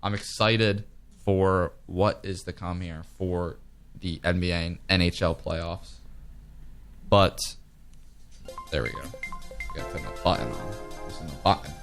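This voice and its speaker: A man's voice: low voice, measured pace, pauses often, faint music behind. A young man hosting a college radio sports show, chatting casually and rambling as he reads out odds and predictions. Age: young adult. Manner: rambling, easygoing, trails off mid-sentence.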